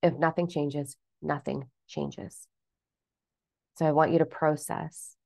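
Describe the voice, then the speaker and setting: Low, gravelly-voiced woman ranting candidly. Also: takes it slowly, no echo. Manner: blunt and animated, swears casually. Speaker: self-help vlogger. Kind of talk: candid motivational rant.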